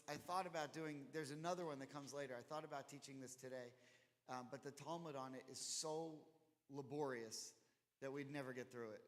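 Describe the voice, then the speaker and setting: A man teaching an informal Torah study class in a conversational, animated way, acting out the dialogue he quotes. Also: medium pitch. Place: temple chapel. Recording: long hall reverb.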